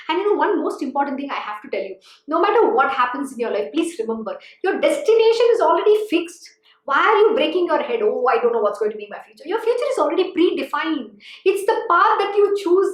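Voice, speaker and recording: A woman spiritual teacher giving a devotional discourse, earnest and exhorting, often saying "you know". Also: high voice. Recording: echoey room.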